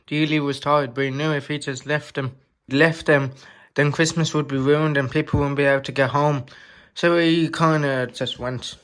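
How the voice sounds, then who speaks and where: Halting man telling a homemade story. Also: fairly high pitch, steady tone, fairly bright tone. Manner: halting, informal narration. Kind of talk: amateur storytelling.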